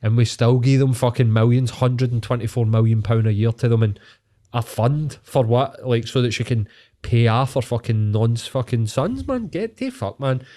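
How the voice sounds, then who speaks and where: A man's voice: mid-range voice, moderate pace, mellow. A Scottish man ranting heatedly on a podcast, swearing freely in casual chat. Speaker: podcast co-host.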